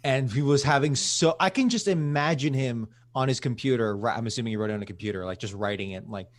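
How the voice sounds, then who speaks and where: A man with a mid-range voice joins a podcast movie discussion with casual, sarcastic remarks. His delivery is dry and relaxed. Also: mid-range voice, quick pace. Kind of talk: casual film review chat.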